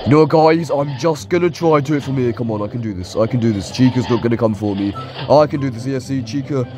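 Male gamer, mid-pitched, jumpy let's play talk over light music. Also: fast talker, darkish tone. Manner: jumpy, shrieks at scares, taunts the enemies. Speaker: gaming YouTuber.

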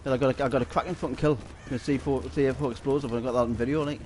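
A man's voice: medium pitch, steady tone, very fast, darkish tone, a little hiss or hum. A man with a Geordie accent streaming a shooter game, rambling through stories, swearing constantly and laughing often. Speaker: gaming streamer. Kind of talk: casual chat while streaming a shooter game.

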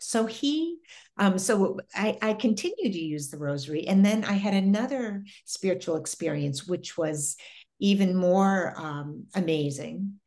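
A middle-aged woman appears as an interview guest and shares a personal story earnestly and reflectively, pausing and restarting as she goes. Her mid-range voice has lively intonation and a somewhat dark tone.

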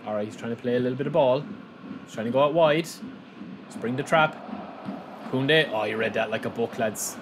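Excitable man commentating his own match. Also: mid-range voice, a little fast, gravelly, pauses often, background noise. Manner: excitable, shouts at the match, calls viewers lads. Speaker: gaming channel host. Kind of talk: live gameplay commentary.

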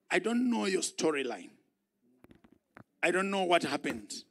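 Husky, high-voiced preacher. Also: male voice. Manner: swings from soft musing to shouted climaxes. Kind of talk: sermon. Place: church sanctuary.

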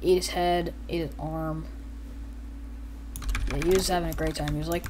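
A woman's voice: low voice, flat delivery, moderate pace, long pauses, noisy background. A woman giving casual, goofy gameplay commentary, rambling as she narrates the action and acts out every character.

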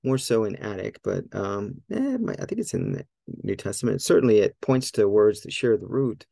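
A man giving a casual spoken Greek lesson, thinking aloud with many fillers and repeating Greek words slowly as he models them. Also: fairly low pitch, sing-song, vocal fry, warm tone, dry recording. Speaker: Greek teacher.

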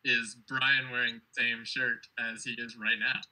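Bright-voiced young man, teasing. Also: medium pitch, little pitch movement, moderate pace, rough recording. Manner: joking, chuckling. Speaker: band member. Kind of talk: casual group chat.

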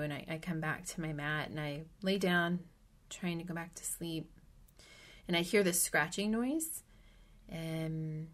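A middle-aged woman from the US Midwest, a podcast guest, telling a personal story in an animated, vivid way and sometimes dropping to a hushed whisper. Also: on the low side.

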